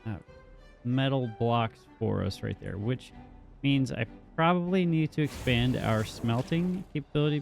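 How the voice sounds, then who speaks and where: Upbeat gravelly man commentating a game. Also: mid-range voice, darkish tone. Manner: upbeat, rambling, many fillers. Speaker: gaming YouTuber. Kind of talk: casual let's play commentary.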